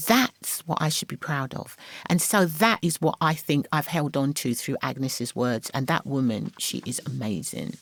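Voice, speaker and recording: A middle-aged English woman, a podcast guest, talking in a lively, storytelling way and acting out the voices she quotes. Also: deep voice, gravelly, no room sound. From England. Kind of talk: casual interview chat.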